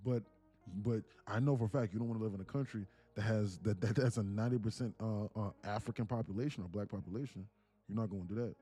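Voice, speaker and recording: A man's voice: on the low side, quick pace, mellow, breathy edge, soft background music. A man hosting a livestream, rambling and joking casually in a loose rant. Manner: rambling, joking, laughs often. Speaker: day trading livestreamer.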